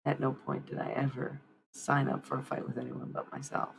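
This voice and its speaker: A woman's voice: a bass voice, monotone, a little fast, vocal fry, background noise. A woman hosting a livestream card reading in casual chat, blunt and swearing freely, talking back sharply.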